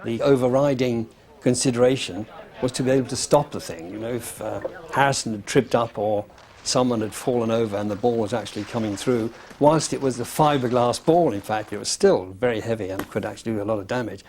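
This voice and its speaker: A man's voice: medium pitch, fairly quick, darkish tone. A man who makes props, talking hesitantly in an interview. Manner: hesitant, lots of uh and um. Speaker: prop maker.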